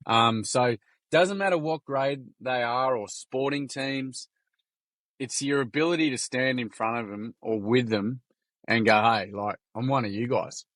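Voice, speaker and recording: Loud, blunt man in his forties. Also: medium pitch, a little slow, dry recording. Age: 40s. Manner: blunt, matey, energetic storyteller. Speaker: guest, workshop founder. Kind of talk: casual storytelling interview.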